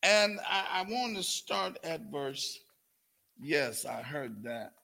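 An older man preaches a Bible study sermon. His voice sits high and bright with a gravelly edge. He talks slowly and folksily, calling on the people in front of him. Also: expressive. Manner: folksy, calls on listeners, puts on a cooing grandparent voice. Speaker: pastor.

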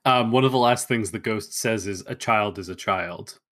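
A man's voice: fairly low pitch, moderate pace. A man co-hosting a podcast, casually retelling scenes from an old film and acting out lines from them. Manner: relaxed retelling, acts out quotes from scenes. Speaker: podcast co-host.

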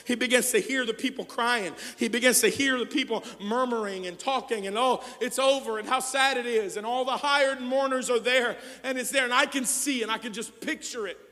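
A man preaching a sermon as pastor, moving between quiet, intimate passages and loud, shouted climaxes. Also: very high-pitched, brisk, hardly any pauses. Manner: swings from hushed to shouted preaching. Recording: long hall reverb.

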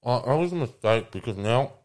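A man's voice: mid-range voice, expressive, a little fast, a little mellow. A young Australian man co-hosting a podcast, playful and laughing often in casual chat. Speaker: podcast co-host.

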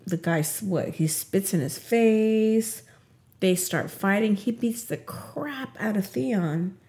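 Unhurried woman retelling a story. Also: mid-range voice. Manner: animated retelling, acts out quotes. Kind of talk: casual podcast recap.

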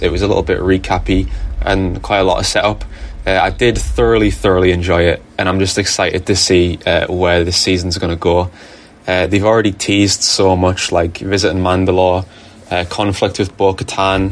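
Northeast english guy leaving a voice message for a podcast, deep voice, pretty monotone. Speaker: listener sending a voice message. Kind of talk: recorded voice message.

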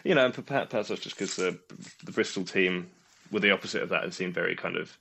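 Rambling low-voiced Englishman. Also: creaky, sharp tone, husky. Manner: rambling, halting, many restarts. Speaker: podcast co-host. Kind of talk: casual chat reviewing a quiz show.

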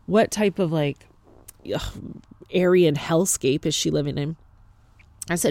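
A woman's voice: deep voice, unhurried, gravelly, pauses often, darkish tone, no echo. A woman with a Canadian accent tells a story in a casual, exasperated and sarcastic way, swearing freely.

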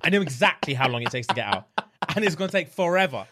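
A man, co-hosting a podcast, chiming in excitedly with quick jokes. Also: fairly high pitch. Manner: excitable, chimes in with repeated yeahs and jokes. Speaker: podcast co-host. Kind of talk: casual banter.

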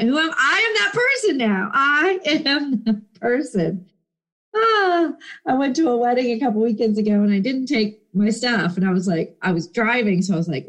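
A middle-aged woman chatting casually to her viewers, bubbly and animated, slipping into playful voices for quoted people. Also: on the high side. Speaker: vlogger.

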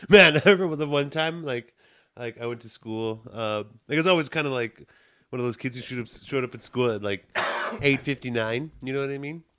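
A man's voice: medium pitch, brisk, smooth. A young man co-hosting a podcast, telling stories in casual chat with lots of slang. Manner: animated storyteller, slangy, laughs often. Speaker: podcast co-host.

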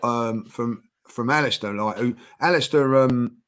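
A man's voice: mid-range voice, unhurried, a bit bright. A middle-aged man, a guest on a chat show, telling a story in a casual, rambling way with many restarts and repeated words.

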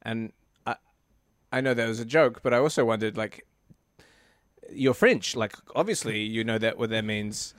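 A man co-hosting a casual podcast, making dry, deadpan remarks. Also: lowish voice, moderate pace, pauses often, no echo. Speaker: podcast co-host. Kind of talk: casual chat.

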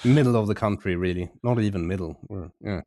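A man's voice: lowish voice, fairly quick, warm tone, dry recording, clean studio sound. A Swedish man hosting a podcast, chatting casually with many hesitant fillers. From Sweden. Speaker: podcast host. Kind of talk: casual chat.

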